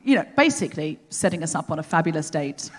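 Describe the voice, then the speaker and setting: Animated woman hosting live comedy. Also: low voice, fast talker. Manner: rambling, self-deprecating storytelling. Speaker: comedy podcast host. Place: theatre stage before a live audience. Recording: long theatre reverb.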